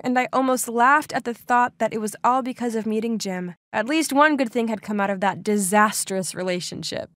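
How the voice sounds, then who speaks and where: High-voiced woman narrating a dramatic story. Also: normal speed, hardly any pauses, fairly bright tone, no room sound, studio quality. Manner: dramatic, exclaiming. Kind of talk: first-person story narration.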